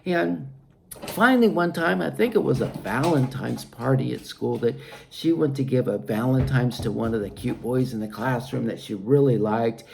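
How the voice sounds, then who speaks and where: Gravelly, earnest children's teacher, a man. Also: mid-range voice, moderate pace, slight background noise. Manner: earnest, addresses listeners as "you guys". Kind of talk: storytelling Bible lesson for children.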